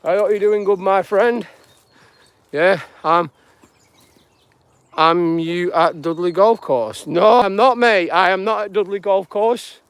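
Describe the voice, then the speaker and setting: A man's voice: high voice, takes it slowly, pauses often, clean tone, dry recording. A man, chatting casually on a live-stream walk through outdoor fields, greeting viewers and musing about life. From northwest England. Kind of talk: rambling live walk-and-talk.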